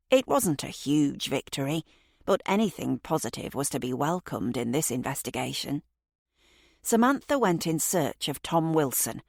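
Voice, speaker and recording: A woman narrating a mystery audiobook in a steady, even way. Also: low voice, gravelly, no echo, studio quality.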